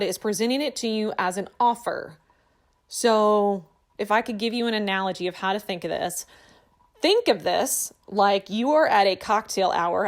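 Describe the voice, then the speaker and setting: A woman hosting a podcast, telling a personal story in a chatty, animated way with lots of fillers. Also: mid-range voice. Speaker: podcast host. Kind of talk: casual storytelling monologue.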